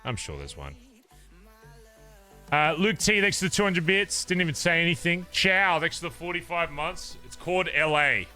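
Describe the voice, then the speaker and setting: A fairly high-voiced Australian man chats loosely with his stream audience, slipping into playful rants full of swearing. His tone is bright and cutting. Faint music plays underneath. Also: moderate pace. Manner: animated, swearing, ranting playfully. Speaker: livestreamer. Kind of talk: casual chat to stream viewers.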